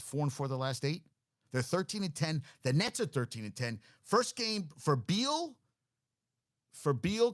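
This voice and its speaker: A man's voice: a little high, no room sound, studio quality. A man hosting a casual sports talk show, rambling through stats and news, often blanking on names and correcting himself. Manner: rambling, reads off stats and thinks aloud.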